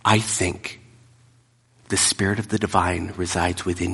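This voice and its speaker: Male preacher, lowish husky voice, long hall reverb, intense with whispered drops. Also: level tone, measured pace, pauses often. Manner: emphatic, drops to hushed whispers. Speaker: pastor. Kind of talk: sermon.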